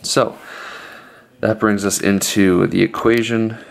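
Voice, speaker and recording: Deep-voiced young man, excited fitness vlogger. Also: slow pace, creaky, slight background noise. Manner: energetic, excited explaining. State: slightly out of breath. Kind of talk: casual instructional vlog.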